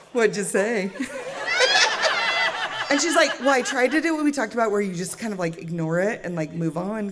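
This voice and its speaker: A middle-aged woman from the Pacific Northwest, telling a comic true story on stage, chatty and laughing as she acts out the quotes. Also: mid-range voice. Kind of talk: live comedic storytelling.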